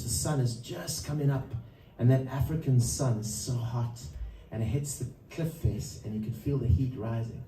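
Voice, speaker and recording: A man's voice: medium pitch, warm tone, a little hiss or hum. A man telling a story between songs at a live performance, speaking loosely and chuckling often. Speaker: musician introducing a song. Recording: roomy live sound from a distance.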